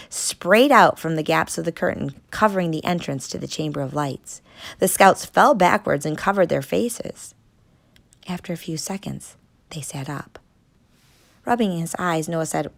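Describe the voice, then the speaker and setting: A woman narrating a children's storybook in a measured, steady reading. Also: lowish voice, gravelly. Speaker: audiobook narrator.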